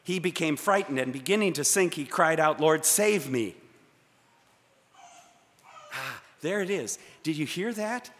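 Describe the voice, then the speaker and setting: A man preaching a sermon from the pulpit, measured and dramatic, with pauses for effect. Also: on the high side, lively intonation, fairly bright tone. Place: church sanctuary. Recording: long church reverb.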